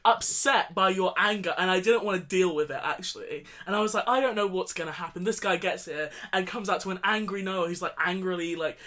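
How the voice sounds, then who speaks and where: A woman's voice: fairly low pitch, brisk, few pauses. A woman co-hosting a podcast, retelling an argument in casual sibling banter and laughing often. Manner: animated, laughs often, interrupts and retells events with quoted dialogue. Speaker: podcast co-host.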